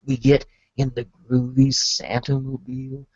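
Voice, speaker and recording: A man's voice: medium pitch, monotone, measured pace, a little mellow, no echo. A man telling a rambling comic story in hip retro slang, full of asides. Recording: dull lo-fi dry sound.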